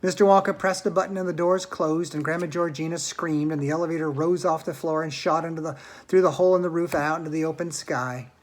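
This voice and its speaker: Man, storyteller, reading a children's book aloud, home, plain unhurried narration. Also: on the high side, steady tone.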